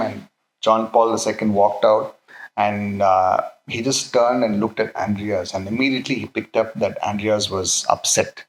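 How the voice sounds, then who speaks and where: A man delivering a faith talk in a roomy, echoing space. He speaks haltingly, restarts his phrases and often pauses to check in with his listeners. His pitch sits in an ordinary middle range. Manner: halting, many fillers and restarts, checks in with "okay". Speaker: Christian speaker.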